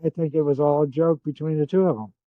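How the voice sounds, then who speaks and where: An older man telling animated stories in a casual chat, often quoting other people as he goes. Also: on the high side, fast. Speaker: guest. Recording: dull lo-fi sound.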